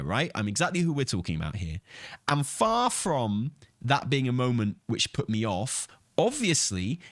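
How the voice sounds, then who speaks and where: A man's voice: medium pitch, a bit bright, dry recording, clean studio sound. A man hosting a casual gaming commentary, answering chat messages in a blunt, argumentative, sweary way and often laughing. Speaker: streamer and channel host.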